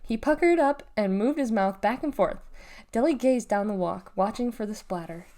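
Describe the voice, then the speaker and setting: A woman reading a children's novel aloud in a lively, expressive storytelling manner. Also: a little high, moderate pace. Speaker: reader.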